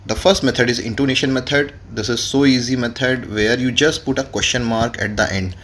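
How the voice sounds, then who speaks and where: A man's voice: medium pitch, steady tone, fairly quick, fairly bright tone, slight background noise. A man, teaching French grammar in a classroom lesson and spelling words out letter by letter. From India.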